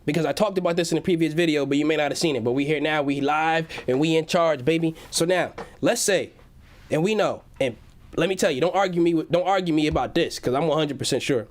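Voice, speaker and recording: A man's voice: on the high side, fast. Hyped young man hosting a livestream. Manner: hyped, slangy, reads chat messages aloud. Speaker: livestream host. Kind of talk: casual livestream chat. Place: at home.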